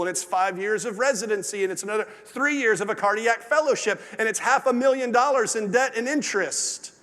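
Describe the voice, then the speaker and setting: A man preaching a sermon to his church. His delivery swings from lively and loud to low and hushed. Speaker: pastor. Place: large church sanctuary. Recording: long hall reverb.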